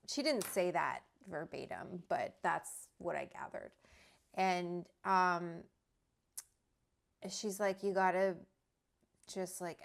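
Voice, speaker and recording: A woman's voice: fairly low pitch, gravelly. A woman chatting casually on a livestream from home, reading viewer comments aloud. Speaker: livestream host. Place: at home with her dog.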